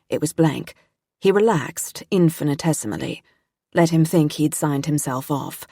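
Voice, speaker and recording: Low-voiced woman narrating a mystery audiobook. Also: normal speed, creaky, warm tone, slightly rough, no room sound, clean studio sound.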